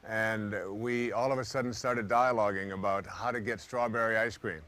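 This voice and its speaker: A man giving a motivational talk, telling stories and acting out the thoughts of the people in them. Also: on the low side. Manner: storytelling, acting out quoted thoughts in lively voices. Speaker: motivational speaker.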